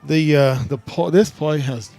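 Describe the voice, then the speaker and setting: A man's voice: fairly high pitch, fairly even intonation, a little slow, vocal fry, warm tone. A man giving sports commentary from a stadium press box, out of breath, talking with eager, rambling enthusiasm and frequent restarts. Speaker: color commentator.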